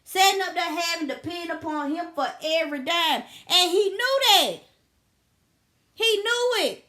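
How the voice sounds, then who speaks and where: A woman in her thirties talking to her viewers in a casual vlog, telling stories in an animated, emphatic way. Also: very high voice, moderate pace. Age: 30s. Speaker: vlogger. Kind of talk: casual storytelling commentary.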